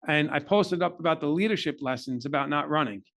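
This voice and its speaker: A man's voice: fairly high pitch, fairly quick, vocal fry, fairly bright tone. A middle-aged man, a podcast guest, earnestly telling an emotional personal story in a candid interview.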